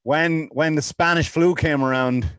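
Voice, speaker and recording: A man's voice: on the high side, fairly even intonation, measured pace, fairly bright tone, clean tone, dry recording. A man with an Irish accent, rambling through comic stories on a casual podcast and laughing at his own jokes. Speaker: podcast co-host. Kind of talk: casual comedic chat.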